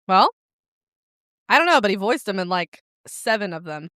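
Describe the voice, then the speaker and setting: A woman's voice: mid-range voice, very animated, normal speed, bright, forceful tone, dry recording, studio quality. A young woman co-hosting a casual podcast, reading out notes with laughs and swearing. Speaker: podcast co-host. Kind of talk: casual chat.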